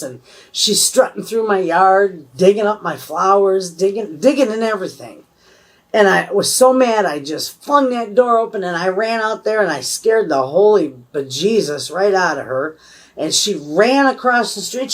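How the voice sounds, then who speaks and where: A woman in her fifties with a Michigan accent, chatting casually and rambling in a folksy, homespun way about her homestead. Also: deep voice. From USA. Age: 50s. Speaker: homesteading vlogger. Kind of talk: casual chat to camera.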